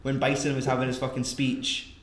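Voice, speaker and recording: A man's voice: medium pitch, monotone, brisk, reverberant, a little hiss or hum. A man co-hosting a podcast, rambling and swearing through a casual film review. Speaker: podcast co-host. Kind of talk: casual movie review chat.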